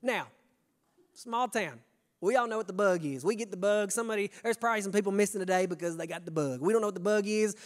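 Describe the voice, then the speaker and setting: A young pastor from Kentucky with a Kentucky accent, preaching a sermon in a folksy, animated way, talking straight to his congregation. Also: high-pitched, fast.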